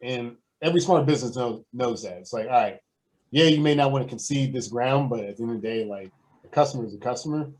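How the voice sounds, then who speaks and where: A man's voice: medium pitch, fast, a little mellow, poor audio. A man with a mid-range voice chats loosely on a podcast. He meanders through his points and leans on "like" and "um" as he goes. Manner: laid-back, rambling, lots of fillers and laughs. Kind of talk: casual podcast chat.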